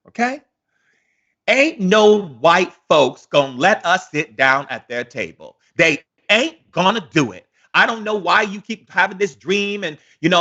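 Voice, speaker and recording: A man's voice: high-pitched, sharp tone, lo-fi sound, pitched above the performer's own voice, exaggerated voice. A man voicing a cautious, worried male churchgoer who pleads with a dreamer not to get his hopes up. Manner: pleading, folksy warnings.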